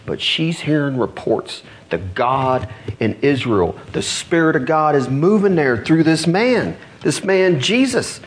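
Middle-aged male pastor, animated storyteller, somewhat high voice with a wide range. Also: a little slow. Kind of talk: sermon.

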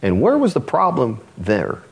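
A man, the pastor, preaching a sermon in an animated, conversational way, often asking the congregation rhetorical questions. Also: medium pitch, normal speed, vocal fry, breathy edge.

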